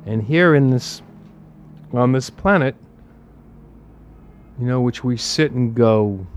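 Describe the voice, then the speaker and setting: A man's voice: medium pitch, takes it slowly, pauses often. A man giving a spiritual talk in a conversational, emphatic way, repeating phrases and asking rhetorical questions. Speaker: spiritual teacher.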